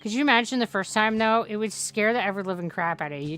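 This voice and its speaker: A woman's voice: medium pitch, fairly quick, hardly any pauses, sharp tone, a little hiss or hum. A woman streamer chatting through a farming game, rambling and joking with plenty of swearing. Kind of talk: casual gameplay commentary.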